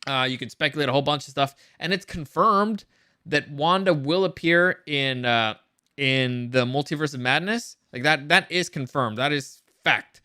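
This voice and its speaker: Male reviewer, casual and speculative, restarts often; pitched a bit high, with a bright, sharp tone. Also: normal speed, smooth. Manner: rambling, many restarts and repeated words; excited, speculative. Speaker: show reviewer.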